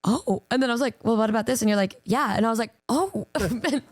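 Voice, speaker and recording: Woman guest, higher voice, dry close mic, chatty storyteller who acts out quotes. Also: fast, dry recording. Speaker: streamer guest. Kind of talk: casual chat on stream.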